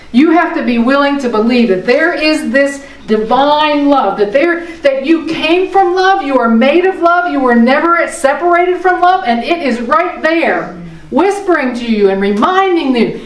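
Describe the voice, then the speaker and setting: A middle-aged woman giving an earnest, emotional sermon as a minister, her voice swinging between soft and passionate. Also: high voice, expressive, a little slow. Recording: echoey room, voice from far off.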